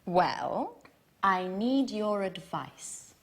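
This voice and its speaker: Anne, breathy and unhurried. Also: female voice, mid-range voice, very animated, exaggerated voice. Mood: explaining. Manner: clear, carefully paced dialogue acting. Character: Anne, woman shopping for a modest new car. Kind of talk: scripted language-course dialogue.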